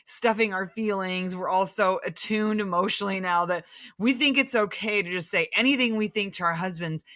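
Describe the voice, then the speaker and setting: A woman's voice: medium pitch, normal speed, a bit bright, no echo, clean studio sound. A woman hosting a podcast who asks her guest a question in a thoughtful, casual way. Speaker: podcast host. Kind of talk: interview question.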